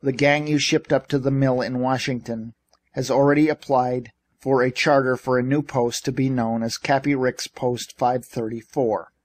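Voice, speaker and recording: A man's voice: mid-range voice, fairly even intonation, moderate pace, dry recording, lightly acted. A man reading as a sour, defiant office manager. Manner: complaining, defiant. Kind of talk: audiobook character reading.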